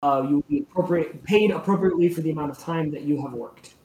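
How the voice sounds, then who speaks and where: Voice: medium pitch, fast talker, darkish tone, echoey room, lightly acted, low-quality recording. A game master voicing a formal woman mayor reading out a contract in an officious way.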